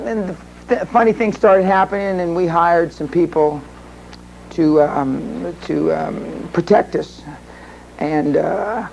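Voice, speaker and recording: A man's voice: high voice, vocal fry, a little mellow, highs cut off, slight background noise. A man speaking at a live seminar, telling rambling anecdotes and acting out the voices of the people he quotes. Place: seminar room with audience.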